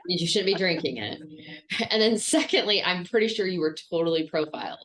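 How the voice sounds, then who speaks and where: A woman's voice: fairly low pitch, expressive, a little fast, noisy background. A woman co-hosting a podcast, teasing her co-host in a dry way. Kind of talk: casual podcast chat.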